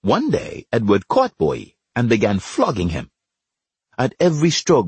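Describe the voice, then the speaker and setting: A man narrating an audiobook in a measured storytelling way. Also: medium pitch, wildly swooping pitch, a little mellow, husky, no room sound.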